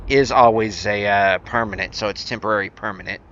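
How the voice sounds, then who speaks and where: A man's voice: fairly low pitch, steady tone, brisk, a bit bright, dull audio, slight background noise. A man streaming a survival building game, chatting casually with his viewers and rambling through many fillers and restarts in an easygoing, self-deprecating way. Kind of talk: casual gameplay commentary answering chat.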